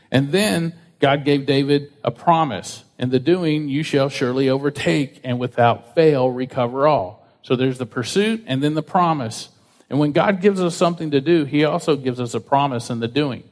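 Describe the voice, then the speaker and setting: Conversational male preacher in a hall. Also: medium pitch. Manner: conversational, acts out quotes in a lively way. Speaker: pastor. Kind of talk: sermon. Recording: reverberant hall.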